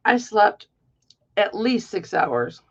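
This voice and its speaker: A woman's voice: medium pitch, big pitch swings, slow pace, dull audio. A middle-aged woman hosting a live-stream jewelry auction, chatting casually and rambling playfully through stories.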